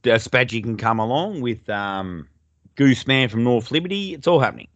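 A man's voice: medium pitch, animated, normal speed, a bit bright, no room sound, muffled recording. A young adult man with an Australian accent, telling stories in a laid-back, sweary way as a podcast co-host. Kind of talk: casual chat.

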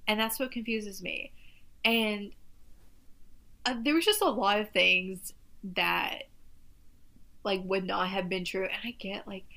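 A woman's voice: medium pitch, a bit bright. Chatty woman rambling in casual talk. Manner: rambling, self-interrupting, lots of "like". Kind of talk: casual chat reviewing a movie.

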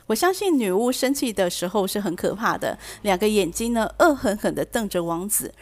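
A woman teaching vocabulary through a storybook, reading each line slowly and then translating and explaining it. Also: medium pitch, animated. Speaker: English teacher. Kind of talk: bilingual storybook lesson.

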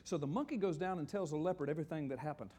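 An older man preaching a sermon, animated and joking, often asking the audience questions. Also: fairly high pitch, very fast, breathy edge. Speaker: pastor. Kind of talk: sermon teaching with slides.

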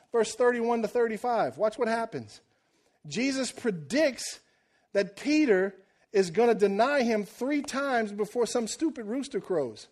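Animated high-voiced preacher man. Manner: animated storytelling with acted-out quotes and jokes. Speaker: pastor. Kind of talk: sermon.

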